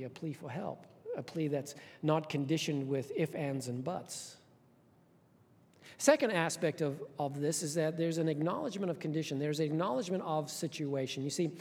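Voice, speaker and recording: A man preaching a sermon as pastor, passionate, swinging between hushed and loud, often repeating words. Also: on the high side. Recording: long hall reverb.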